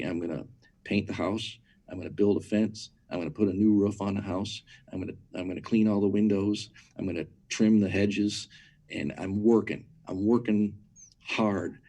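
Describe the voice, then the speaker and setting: A mellow man with a fairly low voice appears as an interview guest, teaching about churches with emphatic, conversational energy. He repeats words as he builds toward a point and keeps asking listeners rhetorical questions.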